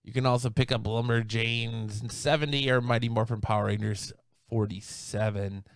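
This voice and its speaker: A man hosting a casual talk show, upbeat and quick with mock-surprised jokes. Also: mid-range voice, steady tone, dry recording. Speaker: podcast host.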